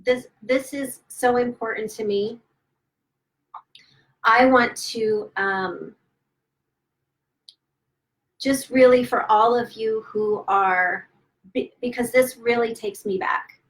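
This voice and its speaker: A woman author on a livestream, emotional and close to tears, gushing with excitement and stumbling over her words as she celebrates her new book at home. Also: on the high side, poor audio. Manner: gushing and excited, halting with restarts. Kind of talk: casual livestream chat. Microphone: phone or webcam livestream.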